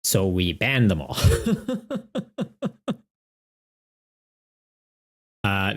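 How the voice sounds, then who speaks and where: A man chatting casually on a live stream as a tournament organizer, laughing often and joking with his viewers. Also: fairly low pitch.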